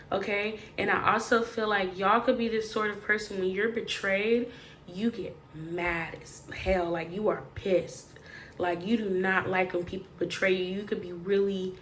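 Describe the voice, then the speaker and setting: A woman's voice: mid-range voice, slight background noise. A woman giving a casual, chatty tarot reading straight to the viewer, emphatic and full of slangy asides. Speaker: tarot reader.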